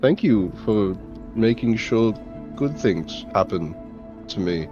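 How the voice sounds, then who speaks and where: A man voicing an ancient male hero who speaks earnestly and halting, searching for words. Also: lowish voice, lively intonation. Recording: dull lo-fi audio, faint music.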